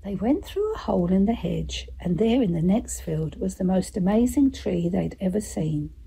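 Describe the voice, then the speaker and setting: Female storyteller for a children's book, warm and mellow, very breathy delivery. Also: medium pitch, very animated, normal speed.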